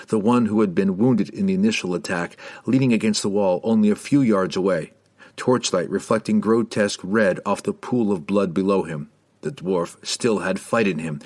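Male audiobook narrator, lowish voice, measured dramatic fantasy reading.

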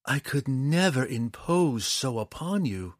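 A man's voice: medium pitch, sing-song, slow pace, dry recording, clean studio sound, voice pushed up. A man voicing a strong woman ranger who speaks in a mock-sweet, teasing way.

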